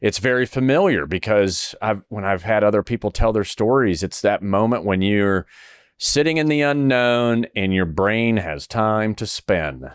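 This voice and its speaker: A man hosting an interview podcast, reflecting on his guest's story in a calm, affirming way. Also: fairly low pitch, a little slow, clear, resonant tone, no room sound, studio quality. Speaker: podcast host. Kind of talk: casual interview chat.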